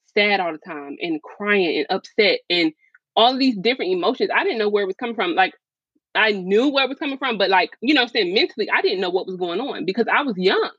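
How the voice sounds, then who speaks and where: A woman's voice: mid-range voice, animated, quick pace, a bit bright, slightly rough, no room sound. A woman guest on a podcast interview, telling her own story frankly in casual talk full of fillers. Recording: slightly dull, dry sound.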